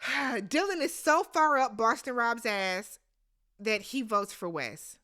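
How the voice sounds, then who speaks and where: High bright woman, animated, blunt, swears a lot, recapping a show. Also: slow pace. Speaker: recap host. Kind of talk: casual TV recap commentary.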